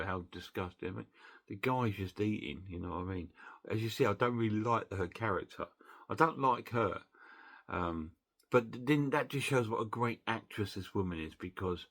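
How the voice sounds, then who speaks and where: A man with a fairly low voice talks through a film's plot in a loose, chatty way. He rambles, restarts his sentences and fills gaps with fillers as he goes. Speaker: film reviewer. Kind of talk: casual film recap.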